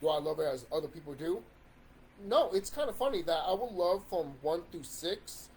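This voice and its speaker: A man's voice: a little high, expressive, normal speed, darkish tone, a little hiss or hum. A man in a casual ranting monologue about video games, swearing and rambling with restarts. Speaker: YouTube commentator.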